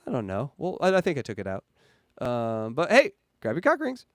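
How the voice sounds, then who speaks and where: A man hosting a casual livestream, joking around and hyping donations in an excitable way. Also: medium pitch, a little fast, dry recording, studio quality. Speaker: livestream host.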